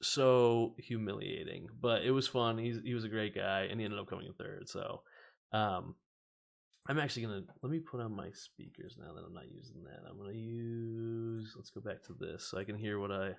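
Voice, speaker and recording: A man's voice: fairly low pitch, moderate pace, gravelly. Chatty man opening card packs. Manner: chatty, laughs often, reads cards and chat aloud. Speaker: host of a card-opening stream. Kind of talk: casual chat while opening card packs.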